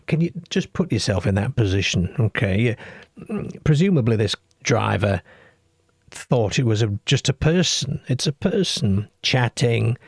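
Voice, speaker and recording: A man from the UK hosts a late-night call-in radio show. His voice sits low, with a gravelly, husky grain. He talks in a chatty way and reads listener comments aloud, recorded dry and close to the mic. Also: no room sound. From United Kingdom.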